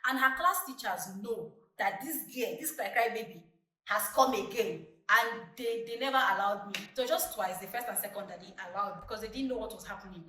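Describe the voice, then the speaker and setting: A woman's voice: medium pitch, fairly quick. Nigerian girl in her 20s vlogging, chatty storytelling, kinda far from the mic in an echoey room. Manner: chatty, lively retelling with acted-out quotes. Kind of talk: casual storytelling to camera. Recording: roomy, distant mic.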